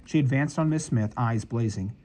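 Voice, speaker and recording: A man reading a novel aloud as an audiobook narrator, in measured storytelling. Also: mid-range voice, darkish tone, poor audio. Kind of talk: scripted narration.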